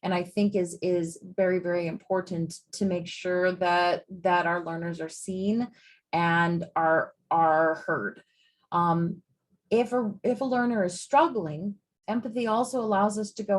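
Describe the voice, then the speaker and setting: A woman's voice: lowish voice, fairly even intonation, measured pace. Conversational woman psychiatrist giving a lecture. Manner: conversational, emphatic, with many "like" asides. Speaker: psychiatrist and residency training director. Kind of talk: grand rounds lecture.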